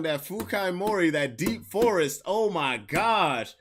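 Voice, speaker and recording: A man's voice: fairly high pitch, lively intonation, slow, few pauses, a bit bright, slight background noise. A man hosting a podcast stream, tipsy, chatting loosely in slang while fiddling with a guitar. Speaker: podcast host. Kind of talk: casual livestream chat. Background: guitar strumming.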